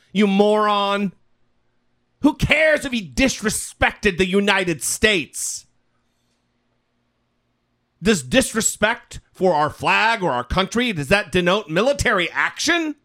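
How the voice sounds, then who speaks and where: A man's voice: sits high, pushed and bright. A man co-hosting a political podcast, ranting sarcastically and swearing freely. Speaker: podcast co-host. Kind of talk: casual political chat.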